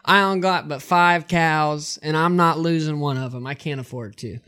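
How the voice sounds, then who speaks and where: A man's voice: fairly high pitch, steady tone, normal speed, sharp tone, smooth. A man voicing a stubborn young bull in a joke, with a defiant manner.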